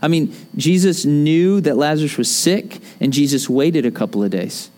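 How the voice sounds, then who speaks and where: High-voiced man preaching in a chatty, joking way. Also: moderate pace. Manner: conversational, joking, animated. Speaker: pastor. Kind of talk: sermon.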